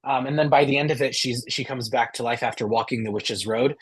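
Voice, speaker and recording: A man with a husky, slightly breathy voice co-hosts a casual fan podcast. He talks eagerly and at length, circling back with fillers and restarts as his thoughts spill out. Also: mid-range voice, brisk. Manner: rambling, enthusiastic, many fillers and restarts. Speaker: podcast co-host.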